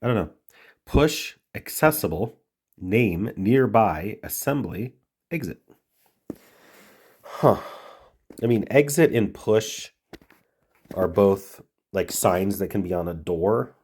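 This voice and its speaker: A man's voice: on the low side, animated, slow, long pauses, darkish tone, husky. A man with a stuffy head cold, thinking aloud and muttering as he works through word puzzles. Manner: muttering, trailing off, reading words aloud. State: congested from a cold. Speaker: puzzle-solving video host.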